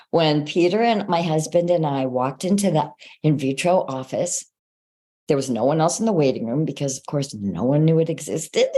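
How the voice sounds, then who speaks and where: An older woman speaks in a low voice as the guest in an interview. She tells her own story with energy and acts out other people's lines as she goes. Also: dark tone. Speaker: guest author.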